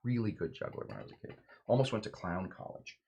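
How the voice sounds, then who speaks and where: A man's voice: on the low side, wildly swooping pitch, fast, creaky, dark tone, muffled recording. A man hosting a home cocktail show, chatting casually and joking around while he mixes a drink. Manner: playful, jokey, rambling asides.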